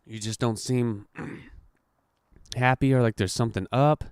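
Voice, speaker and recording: The podcast host, a young adult man, speaks slowly in a clear, resonant, mid-range voice with no room sound. He casually retells a story, heavy on swearing and full of acted-out quotes.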